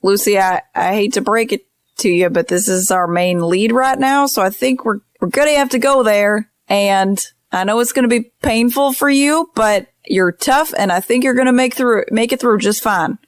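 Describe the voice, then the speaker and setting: Female player, halting, filler-heavy in-character talk, dry room. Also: on the high side, dry recording. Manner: hesitant, apologetic, lots of fillers. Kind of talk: in-character tabletop play.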